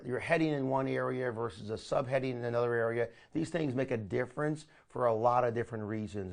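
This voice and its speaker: A man teaching a live online marketing training, energetic and coaching, often calling his listeners "my friend". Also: medium pitch, creaky.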